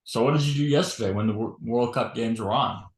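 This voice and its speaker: A man's voice: medium pitch, fast. A man co-hosting a podcast in casual chat, rambling through his points with many fillers. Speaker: podcast co-host. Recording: roomy echo.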